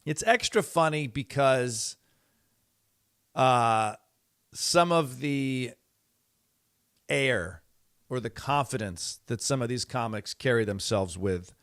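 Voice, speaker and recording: A man's voice: mid-range voice, slow pace, pauses often, a bit bright, no room sound, studio quality. A middle-aged man hosting a podcast, talking in a rambling, exasperated way with many fillers and restarts. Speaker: podcast host. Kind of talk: casual monologue.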